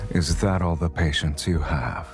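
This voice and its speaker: A very deep, unhurried male voice plays a teasing hunter heartthrob in a romance game. He drawls every line as a slow, seductive taunt, with music running behind him. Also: heavily acted. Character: teasing wild-hunter game love interest, man.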